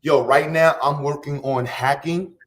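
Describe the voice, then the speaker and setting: A man's voice: fairly high pitch, steady tone, measured pace, noisy background. Brash, profane man from Harlem. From Harlem, New York. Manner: profane, boastful street slang, loud bursts. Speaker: livestream host. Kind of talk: casual livestream rant.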